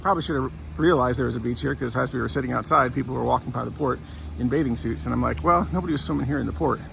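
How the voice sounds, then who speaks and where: Walking a pilgrimage route on a sore foot, a vlogger rambles chattily to his camera outdoors, passing a port and a factory along an industrial road and correcting himself as he goes. His medium-pitched voice is very fast with vocal fry, set against a noisy background.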